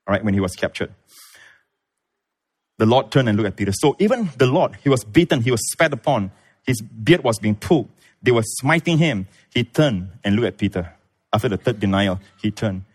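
Animated male preacher telling a story. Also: breathy edge. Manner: animated storytelling, acts out voices, big pitch swings. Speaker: pastor. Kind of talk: sermon.

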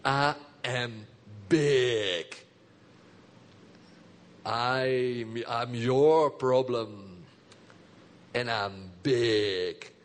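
A man's voice: mid-range voice, pitched below the performer's own voice. A man putting on a boastful giant. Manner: slow, swaggering, threatening. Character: boastful giant problem, taunting, male.

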